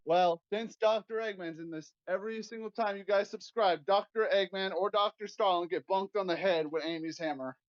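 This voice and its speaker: A man in a casual chat who gets excitable and keeps talking over the others. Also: high-pitched, normal speed, few pauses. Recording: dull lo-fi call audio.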